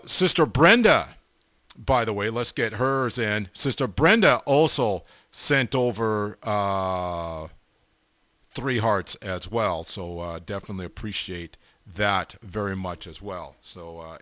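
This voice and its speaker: A middle-aged man hosting a radio show, giving casual shout-outs to listeners with lots of fillers and repeated amens, speaking close to the mic. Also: on the low side, no room sound.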